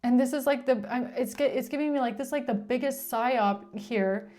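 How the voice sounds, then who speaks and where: A high-pitched woman talks through a tarot reading in a loose, casual monologue. She is blunt and exasperated, swears without hesitation, and keeps circling back through restarts and fillers. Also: normal speed, warm tone. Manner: rambling, with frequent restarts and filler "like". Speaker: tarot reader.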